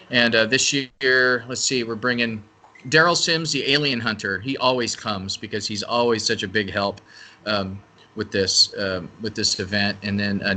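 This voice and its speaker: A man with a fairly low, pushed and bright voice appears as a guest on a radio interview, where he's an event organizer. He talks casually and rambles, frequently restarting and correcting himself.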